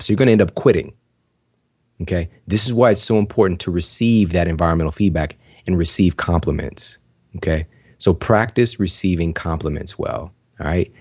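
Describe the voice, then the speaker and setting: Deep-voiced man hosting a casual podcast. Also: a little mellow, no echo, studio quality. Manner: conversational, full of "you know" and "like" fillers; encouraging, addresses listeners directly. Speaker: podcast host. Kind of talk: casual motivational talk.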